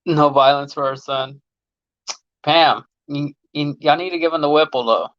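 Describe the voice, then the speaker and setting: A man's voice: a little high, moderate pace, no echo, dull audio. A man in his late thirties, a mechanic hosting a casual livestream, chatting loosely with viewers in slang and laughing often. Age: late 30s. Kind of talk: casual livestream chat reading viewer comments. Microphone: phone.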